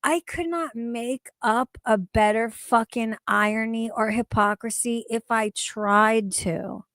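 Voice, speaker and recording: A woman's voice: fairly high pitch, slow pace, a bit bright, no echo. A woman streamer giving exasperated, profane reaction commentary, swearing heavily and sounding incredulous.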